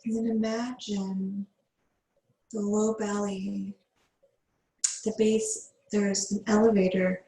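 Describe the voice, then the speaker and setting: A woman yoga teacher guiding a slow yin yoga meditation, giving soothing breath cues with long pauses. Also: medium pitch, little pitch movement, warm tone, echoey room, poor audio.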